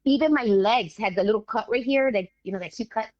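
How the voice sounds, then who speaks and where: A woman, a guest telling a story in casual animated talk, acting out the voices of others. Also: a little high, fairly quick, dry recording, muffled recording. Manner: animated, acts out quoted voices, swears casually.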